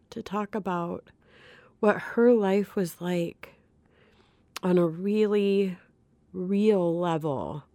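A woman's voice: sits low, a little mellow, dry recording. A middle-aged woman gives a candid, earnest testimony about her recovery. She often stops and restarts as she talks. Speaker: person in recovery sharing her story. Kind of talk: personal testimony.

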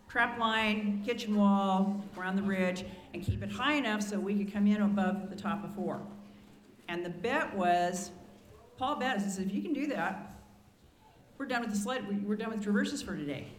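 Older woman storyteller, in her sixties, anecdotal and lively, roomy echo. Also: medium pitch, normal speed. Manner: animated anecdotal, many restarts and asides. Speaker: ski patroller telling stories. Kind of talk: storytelling to a gathering. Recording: echoey room.

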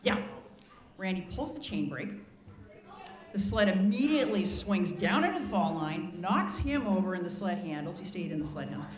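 A woman in her sixties, a retired ski patroller, telling lively anecdotes to a gathering, with asides and restarts. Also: on the low side, moderate pace. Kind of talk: storytelling to a gathering. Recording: echoey room.

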